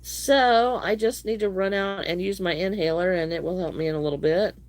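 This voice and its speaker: A woman's voice: lowish voice, fairly even intonation, fairly quick. A middle-aged woman, chatting casually with viewers while she crochets, a little wheezy from allergies. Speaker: crochet livestream host. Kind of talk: casual livestream chat.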